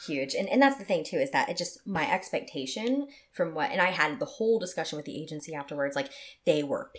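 A young adult woman telling a story as a guest, animated and playful, with many restarts. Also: low-pitched, fast talker. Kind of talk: casual storytelling.

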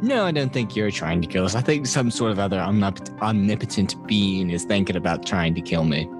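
A man with a low, lively voice plays a tabletop game and swears casually. Faint music sits in the background. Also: fairly quick. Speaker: player.

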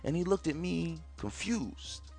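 Animated man hosting a podcast. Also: medium pitch, brisk, soft background music. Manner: emphatic and repetitive, often addressing ladies and gentlemen. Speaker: podcast host. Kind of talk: casual monologue to listeners.

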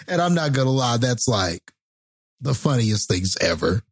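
A relaxed man recounting a funny story on a podcast, his voice a little husky. He hesitates with ums and laughs as he tells it. The recording is close and dry. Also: mid-range voice, measured pace, dry recording. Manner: laid-back, hesitant with fillers, laughs while telling. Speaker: podcast co-host. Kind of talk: casual storytelling chat.

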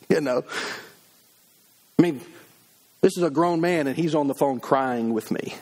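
A man's voice: medium pitch, brisk, long pauses, a little mellow. A middle-aged man preaching a sermon, emphatic, acting out the voices of people he quotes. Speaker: pastor.

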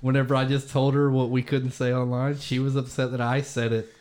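A man's voice: mid-range voice, level tone, fairly quick, darkish tone. A man guesting on a podcast, trading crude jokes in loose chat. His voice sits in an ordinary middle range. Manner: joking, crude. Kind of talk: casual chat.

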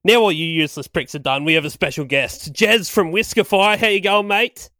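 A man's voice: high-pitched, fairly quick, bright, forceful tone, dry recording, studio quality. A man hosting a crude comedy game show, brash and sweary, laughing often.

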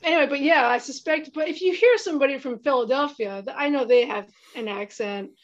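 A woman's voice: sits high, fairly quick, dull audio. A woman from Pennsylvania in casual podcast chat, telling stories and laughing often. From Pennsylvania, United States. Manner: chatty, laughs often, lively storytelling.

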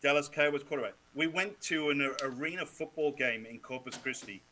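A man from Wales, a guest on a sports podcast, telling lively stories, swearing freely and laughing often. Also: a little high, a little fast, slight background noise, poor audio. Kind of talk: casual chat.

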